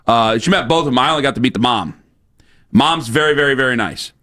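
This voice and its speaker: A man's voice: medium pitch, quick pace, bright, forceful tone. A man hosting a sports radio show, telling a rambling story in casual banter with lots of fillers. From Ohio, USA.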